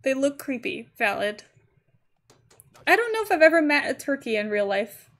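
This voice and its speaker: A woman's voice: high-pitched, very animated, moderate pace, a bit bright. A woman streaming a game live, chatting casually and giggling as she talks to her chat. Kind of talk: casual gaming livestream chat.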